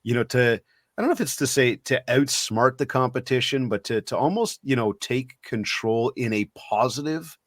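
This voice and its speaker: Male host, mid-pitched, rambling storyteller, dry close sound. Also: moderate pace, no echo. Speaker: podcast host. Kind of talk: casual conversation.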